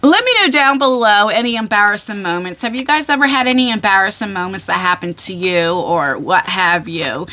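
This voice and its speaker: A woman in her forties, a vlogger telling funny stories to camera in a chatty, animated way with frequent laughs and fillers. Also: medium pitch, fairly quick, hardly any pauses, a little hiss or hum. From New Jersey shore area. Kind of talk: casual storytelling to camera.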